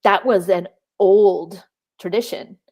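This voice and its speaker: A middle-aged woman co-hosting a casual podcast chat, lively, often acting out quotes in playful voices. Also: medium pitch, slow pace. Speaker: podcast co-host.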